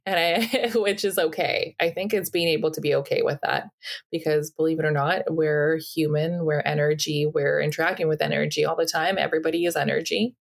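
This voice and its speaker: A woman co-hosting a casual podcast, talking in an animated way and acting out the reactions she quotes. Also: low-pitched, brisk, gravelly. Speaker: podcast co-host.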